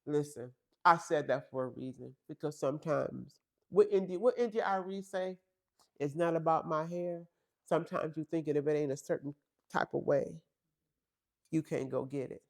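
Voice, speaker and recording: Her voice is low and gravelly, her pace moderate. Hosting a faith-based podcast, she motivates women with forceful, sermon-like repetition, speaking right to them and calling them girl and honey.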